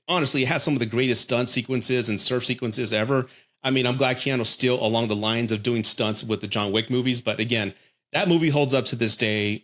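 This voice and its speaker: A man's voice: mid-range voice, fairly bright tone. Middle-aged man, profane and enthusiastic. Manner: enthusiastic and profane, swears freely. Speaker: film reviewer host. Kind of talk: casual film review monologue.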